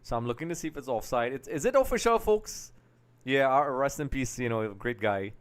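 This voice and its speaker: A man's voice: mid-range voice, a little fast. Trini guy doing a live match reaction stream, chatty, keeps talking to the folks watching. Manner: chatty, keeps addressing viewers as folks, gets excited at chances.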